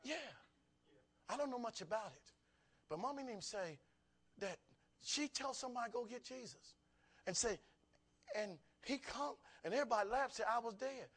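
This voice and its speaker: A man's voice: extremely high pitch, animated, moderate pace, long pauses, a bit bright, husky, voice pushed up, exaggerated voice. A male preacher voicing a cheerful little girl raised from the dead, telling her story in a plain, chatty way.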